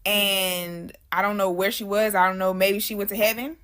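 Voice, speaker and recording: A young woman tells a spooky personal story in a loose, slangy storytime manner. She talks straight to her viewers, and her voice sits in an ordinary middle pitch. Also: little pitch movement, moderate pace, a bit bright, clear, resonant tone. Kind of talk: casual storytime.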